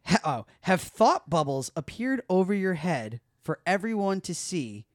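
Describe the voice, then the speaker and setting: A woman's voice: lowish voice, measured pace, dry recording, clean studio sound. A woman co-hosting a podcast, chatting casually and telling a story with lots of acted-out quotes and casual swearing. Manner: animated storyteller who acts out friends' quoted lines, swears freely. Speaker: podcast co-host. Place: podcast studio.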